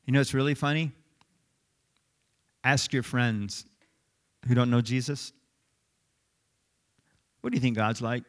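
A middle-aged man preaching a sermon, telling stories in an animated, conversational way. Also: medium pitch, a little slow, pauses often. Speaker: pastor.

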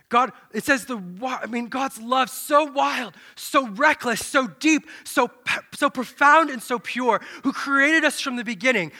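Male preacher, high and bright, animated sermon delivery with dramatic quiet drops. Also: measured pace, hardly any pauses. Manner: animated, dramatic, often drops to a low hush then swells loud.

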